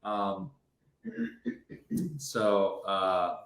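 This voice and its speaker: A man's voice: wildly swooping pitch, extremely slow, fairly bright tone. A young man casually telling a family story in a playful way. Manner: playful, jumps high when quoting himself. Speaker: family member guest. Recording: echoey room with noise.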